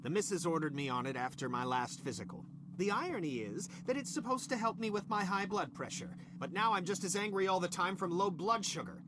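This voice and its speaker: A cranky, hungry lab boss barks sarcastic insults in a high, swooping voice. The game audio carries a steady hiss and a low hum underneath. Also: male voice, fairly quick. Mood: sheepish. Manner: snapping, sarcastic insults, then stiff apologies. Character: irritable middle-aged male lab boss, hungry and short-tempered. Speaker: senior scientist.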